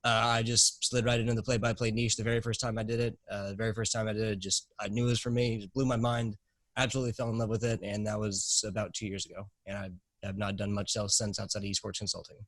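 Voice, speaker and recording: A young man from South Carolina, a guest in a casual interview, talking quickly and rambling with many fillers and restarts. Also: lowish voice, flat delivery, a bit bright, no room sound, low-quality recording. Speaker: guest, esports commentator.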